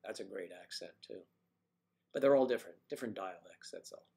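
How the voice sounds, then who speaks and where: A man from the mid-Atlantic US, speaking with that region's accent, hosts a casual livestream where he rambles and playfully tries on different accents. His low voice is gravelly and warm, and he talks fairly quickly.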